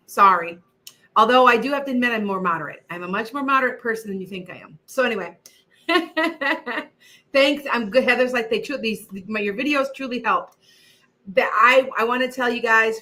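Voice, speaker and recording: A woman's voice: mid-range voice, bright, forceful tone. An older woman, a retired teacher, hosting a casual livestream and chatting in a rambling way, restarting her sentences often. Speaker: psychic livestream host.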